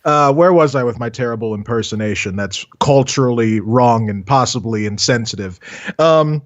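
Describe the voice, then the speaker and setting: A man's voice: medium pitch, lively intonation, moderate pace, no echo, highs cut off. A man from Southern California, an animator and voice actor, chatting as an interview guest with a stammering, self-mocking manner. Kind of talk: casual interview chat.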